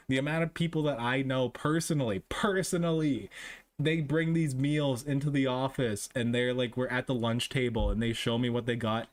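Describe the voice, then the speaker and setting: A man holds a loose, casual chat with his viewers. He rants freely and swears constantly, breaking into laughter often. His voice sits at an everyday middle pitch. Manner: profane, ranting, laughs often. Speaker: streamer chatting with viewers.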